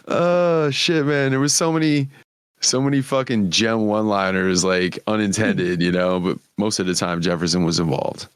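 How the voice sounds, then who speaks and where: A man's voice: lowish voice, fairly even intonation, normal speed, smooth, no echo, clean studio sound. A man hosting a podcast, telling stories in casual chat, swearing freely and laughing often. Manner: profane, laughing storyteller. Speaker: podcast host.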